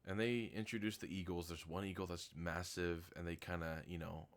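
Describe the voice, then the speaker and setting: A man with a very low voice gives a loose, unscripted review of a film. He is blunt and critical but laughs easily. His speech is full of fillers like "like" and "um". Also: fairly even intonation, moderate pace. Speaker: movie reviewer. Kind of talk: casual spoken movie review.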